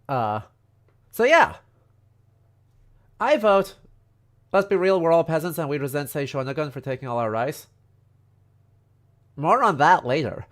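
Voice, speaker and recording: A history streamer with a stuffy, congested nose gives a casual, joking lecture on a livestream from his countryside home. His voice is fairly high and lively in intonation, moving at normal speed with long pauses. He's chatty and playful, full of fillers and asides.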